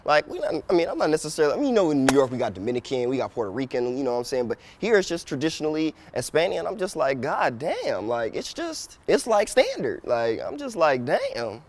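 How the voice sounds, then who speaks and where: An American man in his thirties hosting a casual travel vlog, telling stories in an animated, profane way. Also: fairly high pitch, fast, few pauses. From United States. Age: 30s. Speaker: vlog host.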